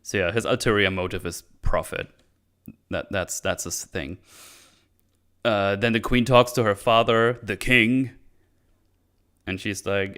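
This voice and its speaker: A man's voice: on the low side, steady tone, a little slow, long pauses, pushed and bright, smooth. A man hosting his own show, recapping a TV episode in casual commentary, sarcastic and swearing often.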